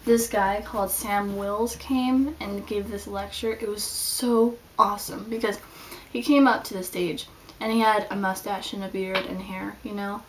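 Here a student vlogger tells her week in a casual, rambling video diary full of "like." She speaks at a measured pace in a medium pitch with fairly even intonation; faint background hiss and a slightly distant mic mark the recording.

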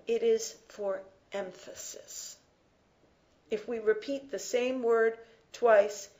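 A woman teacher lecturing on a book, reading lines aloud and defining key words with slow, deliberate emphasis. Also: a little high. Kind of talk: lecture, close reading of a text.

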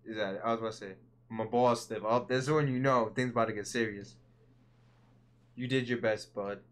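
A man's voice: fairly low pitch, fairly even intonation, fairly quick. A man giving casual, joking commentary while playing a video game, chatting slangily to the characters on screen. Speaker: gaming video creator. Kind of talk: casual let's-play commentary.

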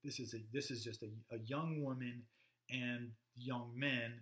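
A man giving a casual, halting literature lecture, stopping often with fillers and reading passages aloud. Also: mid-range voice, steady tone, fairly bright tone. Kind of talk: recorded classroom lecture. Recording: roomy echoey room.

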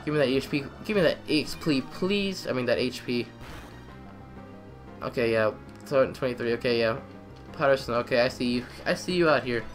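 A young man giving excitable let's-play commentary, trash-talking the game and repeating phrases in quick bursts. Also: medium pitch, soft background music. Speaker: gamer.

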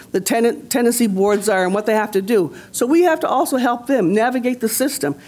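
A Nova Scotia woman who is a community leader speaks on a conference panel in a rousing, impassioned way, repeating phrases to drive points home. Her voice is medium in pitch and a little mellow.

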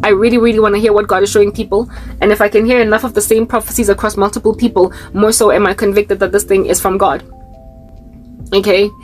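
A woman's voice: medium pitch, level tone, quick pace, a little mellow, soft background music. A woman from Africa, delivering a fervent Christian vlog monologue full of rhetorical questions and rambling asides. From South Africa. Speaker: Christian YouTuber.

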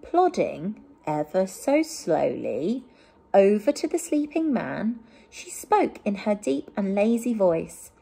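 Gentle breathy teacher reading aloud. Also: female voice, medium pitch, big pitch swings, takes it slowly. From England. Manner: gentle, with asides to young listeners. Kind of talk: picture-book reading for children.

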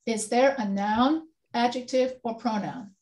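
A woman teaching writing conducts an online grammar review session, patiently quizzing students with questions. Her voice is fairly high and a little mellow, and she keeps a measured pace.

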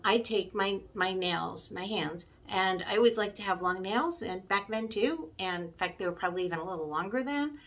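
A middle-aged woman tells a personal story to camera as a motivational speaker. Her delivery is lively, and she stretches some words out slowly and rushes through others. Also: medium pitch. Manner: lively storytelling, pace swinging between drawn-out and quick. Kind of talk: personal anecdote told to camera.

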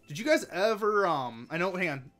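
A man hosting a live racing game stream, chatty and excitable, talking to chat and to his cat at home. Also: normal speed, faint music behind. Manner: excitable, chatty, bursts into high-pitched baby talk with his cat. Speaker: livestream host. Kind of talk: live gameplay commentary.

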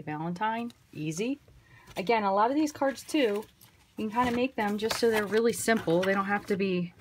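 With a fairly low pitch, a woman talks through making a card, easygoing and chatty, voicing her thoughts as she goes. Some faint background noise can be heard.

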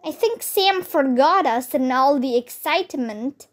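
Storybook girl, cheerful and upbeat , read by a woman, high voice. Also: animated, measured pace.

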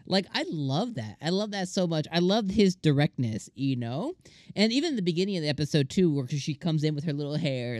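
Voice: medium pitch, big pitch swings, dry recording. Enthusiastic rambling anime reviewer, dry sound. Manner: enthusiastic, rambling, with many restarts and fillers; acts out characters' lines in quick voices. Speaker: anime reviewer, channel host. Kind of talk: casual anime episode review.

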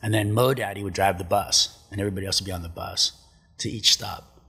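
A middle-aged man spins surf stories as a podcast guest, swearing freely and acting out every quote. His voice is husky and forceful, sitting a little low. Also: quick pace, big-room sound. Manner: profane, animated, acts out quotes. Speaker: guest, pro surfer and commentator. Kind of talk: casual storytelling chat.

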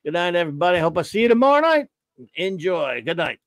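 A man's voice: sits high, very animated, fast talker, dry recording. A man hosting a live stream, rambling and joking as he greets viewers in the chat. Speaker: podcast host.

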